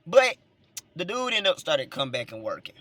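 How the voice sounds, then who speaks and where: Southern guy ranting in his car, kinda high bright voice, dry sound. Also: big pitch swings, brisk, no echo. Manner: rambling, repeats words, chuckles between points. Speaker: vlogger and minister. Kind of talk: casual storytelling to camera. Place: inside a car.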